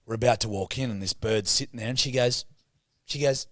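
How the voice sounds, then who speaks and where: Fast-talking and lowish in pitch, a male podcast co-host swears his way through an animated story while acting out its characters. The sound is clean studio audio with no room tone.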